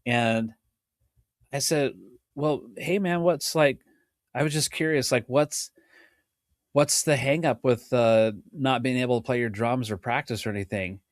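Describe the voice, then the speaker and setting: The middle-aged host, a drum teacher, chats casually on his podcast in an unhurried, medium-pitched voice, though he has the hiccups. He tends to ramble, interrupt himself, and laugh often; the studio-quality recording is dry.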